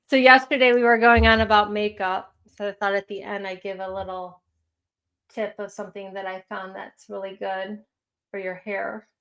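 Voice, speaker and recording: A woman's voice: medium pitch, flat delivery, moderate pace, vocal fry, a bit bright. A woman with a Chicago accent hosting a casual livestream chat, rambling and chatty with lots of fillers. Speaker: livestream host.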